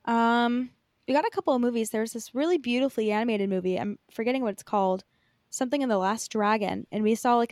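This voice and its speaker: A woman's voice: on the high side, no room sound, studio quality. A young woman co-hosting a podcast in casual chat, rambling with lots of fillers and casual swearing. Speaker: podcast co-host.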